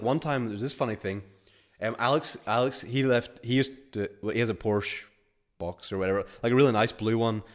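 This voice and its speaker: A man with a lowish voice hosts a live webinar at a quick clip. He talks casually and rambles through anecdotes, acting out the quotes and letting a swear word slip now and then. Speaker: course host. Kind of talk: live webinar talk with chat questions.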